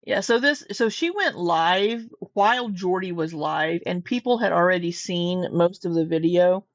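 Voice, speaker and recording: A woman's voice: fairly low pitch, unhurried, no echo, lo-fi sound. A woman co-hosting a casual commentary chat, telling gossipy stories and acting out what others said. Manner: gossipy storyteller, acts out quoted lines. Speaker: co-host.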